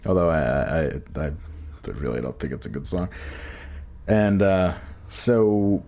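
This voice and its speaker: Man, very low voice, mellow tone, rambling profane podcast banter. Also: animated, slow pace, gravelly. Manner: rambling, profane, trailing off and restarting. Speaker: podcast co-host. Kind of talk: casual banter.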